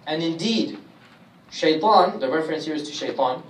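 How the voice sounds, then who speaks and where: A man teaching a Quran commentary class, speaking emphatically and reciting Arabic verses rapidly. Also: on the high side, lively intonation. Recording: echoey room, distant mic, faint hiss.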